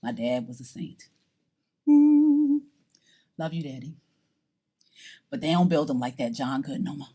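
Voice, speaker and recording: A woman's voice: low-pitched, a little slow, pauses often, breathy edge. A middle-aged woman from New York telling her own story in a documentary interview, theatrical and acting out the voices of people in it. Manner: animated, theatrical, acts out voices. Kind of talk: personal storytelling to camera.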